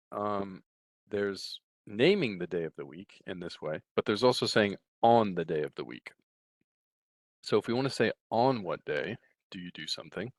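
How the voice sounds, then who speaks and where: A middle-aged man giving a recorded language lecture from a textbook, relaxed, often checking in with "right?" and restarting his sentences. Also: fairly low pitch, no room sound. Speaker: Russian language teacher.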